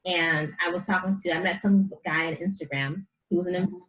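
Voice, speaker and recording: A woman with a fairly low voice speaks as a guest in a casual interview. She is a life coach, earnest and animated, and she acts out the voices of people in her stories. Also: fairly quick, poor audio.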